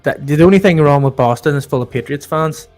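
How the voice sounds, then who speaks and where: A man's voice: a little high, a little fast, darkish tone, faint music behind. A man with an Irish accent hosting a sports podcast, bantering in jokey casual chat. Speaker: podcast host.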